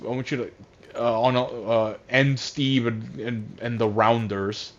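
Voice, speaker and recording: A man's voice: medium pitch, steady tone, measured pace, lightly acted. A man voicing an impatient, bossy evil woman villain giving orders. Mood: commanding. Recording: dull lo-fi audio.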